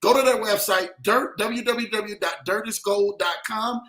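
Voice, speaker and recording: A man hosts a livestream show, hyped up and repeating phrases as he calls out viewers by name in upbeat stream talk. His voice is high-pitched with fairly even intonation, a little slow and sharp in tone. The recording has a roomy echo.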